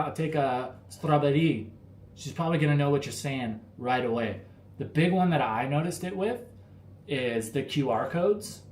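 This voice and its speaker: A man's voice: medium pitch, darkish tone. American guy rambling casually on a livestream, lots of likes and you knows, roomy echo, faint background hum. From United States. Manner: laid-back, rambling, lots of fillers. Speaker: livestream host answering chat. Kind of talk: casual live Q&A chat.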